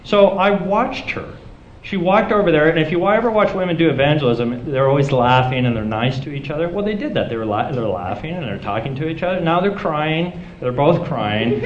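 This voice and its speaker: A man's voice: fairly high pitch, animated, brisk, reverberant, dull audio. A man preaching, telling a personal story with a playful, self-mocking manner and acted-out dialogue. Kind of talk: sermon storytelling.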